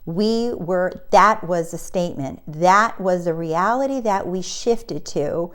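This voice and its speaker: A woman coaching on manifestation, telling a personal story in a casual, animated way and acting out the people in it. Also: fairly low pitch, takes it slowly. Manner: animated, acts out the voices of people in her story; breaks into laughter mid-sentence. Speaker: manifestation coach and channel host.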